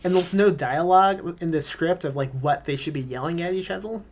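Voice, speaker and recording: A man's voice: fairly high pitch, fairly quick. A man being interviewed as a screenwriter guest on a podcast, talking casually in long rambling answers full of filler words and offhand swearing.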